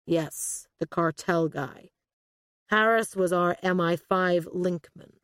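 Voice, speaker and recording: A woman's voice: lowish voice, slow, a bit bright, clear, resonant tone, no echo, studio quality. A woman voicing a large, crew-cut male agent who speaks in a brusque, commanding way.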